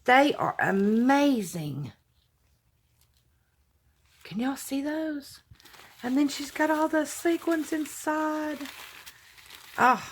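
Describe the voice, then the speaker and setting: In a casual vlog, a middle-aged crafting vlogger with a high voice opens fan mail and talks it through with her viewers. Her manner is effusive and gushing, punctuated by sighs of emotion, with the crinkle of paper and packaging audible throughout.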